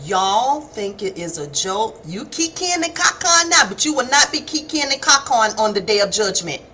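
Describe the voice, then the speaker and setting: High, bright-voiced woman preaching. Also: normal speed, a little hiss or hum. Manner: folksy, animated preaching, calls listeners baby and honey. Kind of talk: live-streamed devotional sermon. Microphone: phone or webcam on a live stream.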